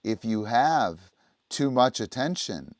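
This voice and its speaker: In a dry, studio-quality recording, a man with a mid-range, sing-song voice talks slowly while teaching dog training on a livestream. His explanations are casual and conversational, and he frequently asks "right?" to check in with the listener.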